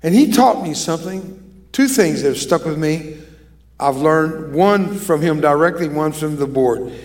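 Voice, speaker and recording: A man's voice: on the high side, expressive, unhurried, a little mellow. Older male evangelist preaching emphatically. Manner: emphatic call-and-response preaching. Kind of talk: sermon.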